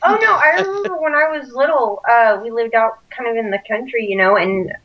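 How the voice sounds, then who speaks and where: A woman in casual podcast chat, playful and quick to laugh along, swearing at times. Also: a little high. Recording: dull lo-fi sound.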